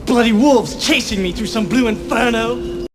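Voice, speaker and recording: An actor playing a shaken young male traveler in a gothic film, speaking in a hushed, strained way. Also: very high-pitched, normal speed. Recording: noisy film soundtrack clip.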